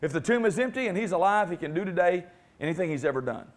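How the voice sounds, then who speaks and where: A man's voice: high voice, expressive, fast talker. A man preaching a sermon with emphatic, repeated phrases and calls for the congregation to respond.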